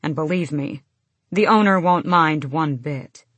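A woman voicing a steady young male guard captain who speaks calmly and reassuringly. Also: deep voice, unhurried, no echo.

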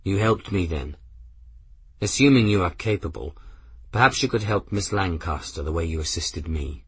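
A man voicing a composed adult male airship captain in an audiobook, formal, measured and dry. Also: deep voice, lively intonation, a bit bright, slightly rough, no echo, heavily acted. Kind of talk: audiobook character reading.

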